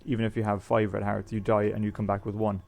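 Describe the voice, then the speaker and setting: Talking fast in a creaky, somewhat mellow, lowish monotone, a man plays through a video game for his YouTube channel. It's casual let's-play chatter, rambling, with explanations of the items.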